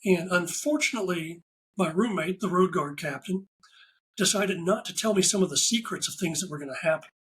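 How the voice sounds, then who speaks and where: A man talking as a podcast guest. He tells stories in a casual, animated way and acts out the lines of the people in them. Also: sits high, fairly quick, low-quality recording. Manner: animated anecdotal storyteller, acts out quoted dialogue. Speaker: podcast guest, ride photographer. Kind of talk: casual interview storytelling.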